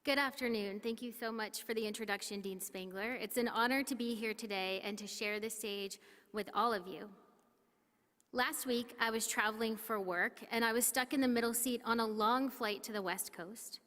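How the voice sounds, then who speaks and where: A woman's voice: on the high side, steady tone, normal speed, fairly bright tone. Woman giving a speech in a reverberant hall. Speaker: commencement speaker. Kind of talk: formal ceremony speech. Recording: long reverb of a large hall.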